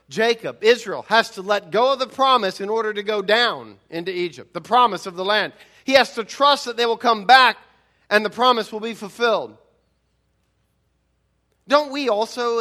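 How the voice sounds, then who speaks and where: A male pastor delivering a sermon, pressing his points with rhetorical questions and repeated words. His voice sits high, with a bright, forceful edge. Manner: emphatic preaching with frequent repetitions and rhetorical questions.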